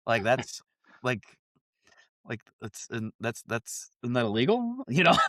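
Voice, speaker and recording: A man's voice: mid-range voice, a little slow, dry recording, clean studio sound. Chatty man telling a story. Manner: animated storyteller with many fillers and restarts. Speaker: podcast host. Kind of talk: casual chat.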